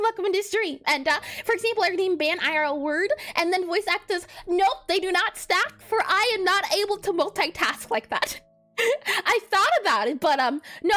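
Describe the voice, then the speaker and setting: A woman with a very high voice, chatting through a casual livestream as a game developer. Her pitch swings lively up and down, and she talks in a bubbly way, stumbling into quick restarts and giggling between thoughts.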